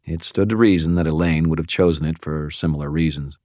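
A man reading a first-person audiobook in a wry, measured storytelling manner. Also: a bass voice, fairly even intonation, darkish tone, no room sound, studio quality. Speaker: narrator.

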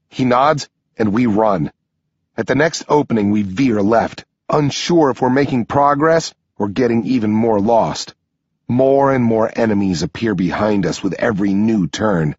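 Male audiobook narrator, husky tone, dry and slightly muffled recording. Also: measured pace, no room sound. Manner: steady storytelling delivery, pushing up in pitch for shouted dialogue. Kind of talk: scripted first-person narration.

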